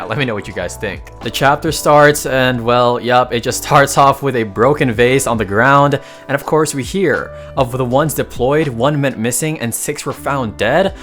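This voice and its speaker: A man's voice: mid-range voice, a bit bright. A man narrating a casual comic recap, tossing slangy, joking asides to his viewers.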